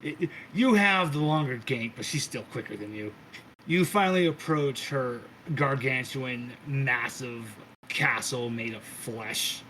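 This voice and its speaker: A man's voice: mid-range voice, unhurried, bright, forceful tone, a little hiss or hum, poor audio. A man narrating as game master, loose and casual, with restarts and the odd swear.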